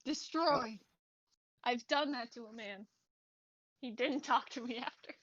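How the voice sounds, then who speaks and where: A woman's voice: on the high side, unhurried, a crowd in the background. Wry young woman on a dull mic. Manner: wry, joking, laughs between lines. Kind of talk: casual chat on a livestream.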